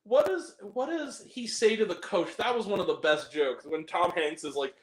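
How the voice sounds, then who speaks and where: A man's voice: sits high, normal speed. A man hosting a casual chat, joking crudely and laughing often. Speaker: podcast host. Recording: roomy echo.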